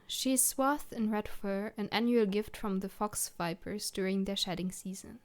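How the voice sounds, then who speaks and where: A woman's voice: medium pitch, normal speed. Woman reading a game aloud. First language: German. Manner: reads narration steadily, adds German asides. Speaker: let's player.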